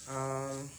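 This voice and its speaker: A woman's voice: a bass voice, a little mellow, a little hiss or hum. A woman at home talking to her channel in a casual vlog, rambling and candid with lots of ums and restarts. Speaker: vlogger. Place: at home indoors.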